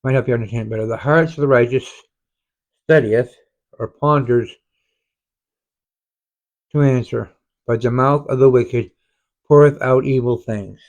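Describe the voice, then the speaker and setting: A man leading an online Bible study, reading verses slowly and explaining them, often stumbling and restarting words. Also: mid-range voice, steady tone, lo-fi sound. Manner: halting, frequent self-corrections and restarts. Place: home, online group study.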